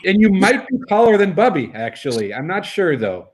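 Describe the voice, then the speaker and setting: A man's voice: high-pitched, sing-song, moderate pace, slight background noise. A man chatting as a guest on a casual drinks show, teasing the host in an easygoing way. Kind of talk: casual chat.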